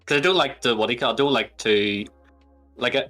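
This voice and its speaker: A man being interviewed as a guest, with a bright, forward tone. He hedges playfully and laughs often over faint music in the background. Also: mid-range voice, fast talker. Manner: hedging, teasing, laughs often. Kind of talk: casual chat.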